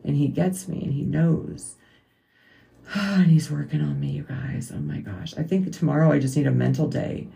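A woman's voice: deep voice, normal speed, vocal fry, mellow. A woman, hosting a podcast as a rambling, self-correcting, emotional faith-based monologue. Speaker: podcast host.

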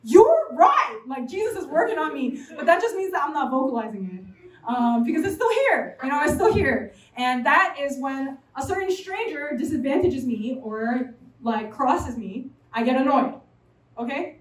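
A young woman from New York City preaching a chatty, animated sermon to a college fellowship and joking with the audience. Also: high voice, moderate pace. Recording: roomy sound from a distant mic.

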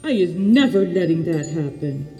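A woman reading a storybook aloud and voicing a big, soft-hearted male giant who talks in mangled grammar. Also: lowish voice, expressive, moderate pace, big-room sound, soft background music, voice pushed down, natural voice. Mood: indignant. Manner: mangled grammar, tender and indignant.

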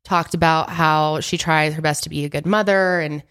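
Young woman podcast cohost, low voice, chatty storytelling. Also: steady tone, normal speed, a bit bright, smooth. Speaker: podcast co-host. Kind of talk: casual chat.

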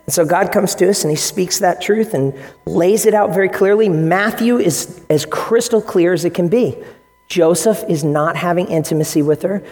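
A man preaching a sermon as pastor, telling stories with lively acted-out quotes. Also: high-pitched, moderate pace, in a large hall. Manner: animated storytelling with acted-out quotes.

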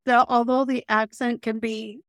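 A woman from Calgary co-hosting a podcast, chiming in with quick asides and short comments. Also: on the high side, little pitch movement, fairly bright tone, no echo, clean studio sound. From Calgary, Canada. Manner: brief interjections and quick asides. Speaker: podcast co-host. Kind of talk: casual podcast discussion.

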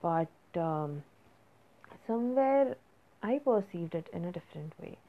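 A woman's voice: on the low side, lively intonation, measured pace. Hesitant young woman rambling on a podcast. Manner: rambling, hesitant, many fillers and restarts. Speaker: podcast host. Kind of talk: casual solo podcast monologue. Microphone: phone app recording. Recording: phone-like lo-fi audio.

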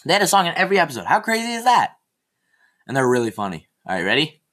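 A man's voice: on the high side, wildly swooping pitch, fast talker, pushed and bright. A teenage boy hosting a casual solo podcast, ranting in a rambling, sarcastic, easily exasperated way. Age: teen. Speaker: podcast host.

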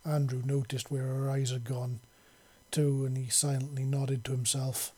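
A man reading a story aloud at an even, unhurried pace. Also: medium pitch, husky. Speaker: story narrator.

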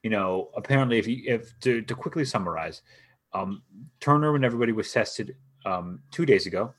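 A man's voice: lowish voice, lively intonation, fairly quick. A man co-hosting a casual sports podcast, talking in a laid-back way with many fillers and some swearing. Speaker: podcast co-host.

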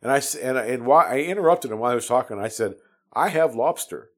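A man's voice: medium pitch, animated, racing. A man in his fifties from the United States, telling his Navy stories in a casual, rambling way with many restarts and fillers. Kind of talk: casual storytelling.

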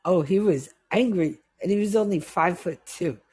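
A woman's voice: on the low side, moderate pace, a little mellow, husky. A middle-aged woman from the West Indies telling stories from her past in casual chat, acting out the people she quotes.

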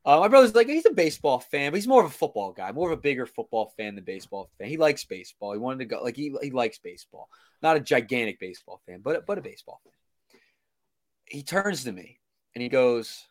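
A young man chatting about baseball on a podcast, eager and quick to restart his sentences. He talks loosely, in an excitable, stammering rush. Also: mid-range voice. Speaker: podcast co-host. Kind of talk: casual sports chat.

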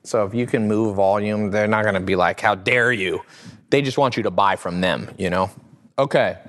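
A man hosting a casual livestream from home, answering viewer questions in a lively, joking way and often laughing. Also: on the low side, brisk. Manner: animated, laughs often, acts out quotes in funny voices. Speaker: host.

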